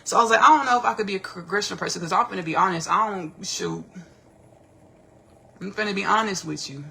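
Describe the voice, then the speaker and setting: Gravelly, bright-voiced woman podcaster. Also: medium pitch, fast. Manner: animated, rambling, slangy, repeats herself. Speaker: podcast host. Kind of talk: casual livestream commentary.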